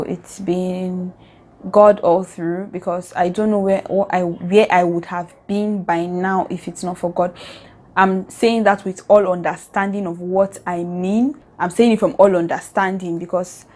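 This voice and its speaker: A woman's voice: mid-range voice, darkish tone. Young Nigerian-accented woman, vlogger, earnest and emotional, mid-range voice. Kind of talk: casual reflective vlog.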